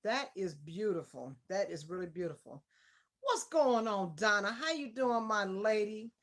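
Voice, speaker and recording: A woman's voice: medium pitch, lively intonation, measured pace. A woman hosting a casual live stream interview, effusive and greeting her viewers by name.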